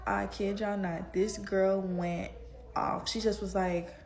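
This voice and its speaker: Young woman hairstylist with a mid-range voice, animated and slangy. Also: mid-range voice, slow. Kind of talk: casual storytime.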